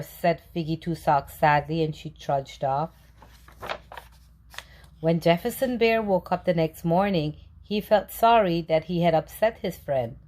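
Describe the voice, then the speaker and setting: A woman reading a children's story aloud in a slow, gentle, clearly paced way. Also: low-pitched. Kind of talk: children's read-aloud narration.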